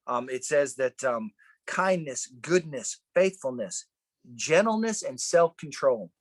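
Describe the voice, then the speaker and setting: A man's voice: mid-range voice, lively intonation, slow, no echo. A middle-aged man leading a Bible study, preaching informally in a fervent, conversational way and often repeating himself. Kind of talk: informal sermon.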